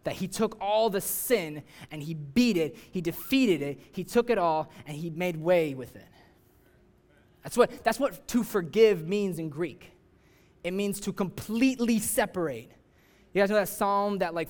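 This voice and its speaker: A man's voice: high-pitched, a little slow. A young man giving a casual sermon, talking conversationally with lots of fillers and acting out people's voices. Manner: conversational, many "like" fillers, acts out voices with rising excitement. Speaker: youth preacher.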